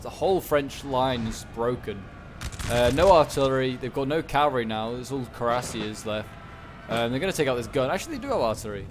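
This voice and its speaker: Man, casual game commentary, rambling, excitable, gunfire in the background. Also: mid-range voice, background noise. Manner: rambling, excitable, talks back to units on screen. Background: gunfire and battle sounds.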